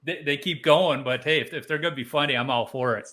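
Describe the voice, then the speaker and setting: A man's voice: mid-range voice, fast talker, sharp tone. A man hosting a podcast, asking questions in a friendly, affirming way and laughing along with his guest. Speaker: podcast host. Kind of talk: casual interview chat.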